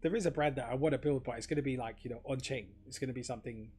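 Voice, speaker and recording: A man's voice: medium pitch, racing, a little mellow, husky. A man talking casually to camera in a rambling, filler-heavy monologue, swearing freely. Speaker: crypto vlogger.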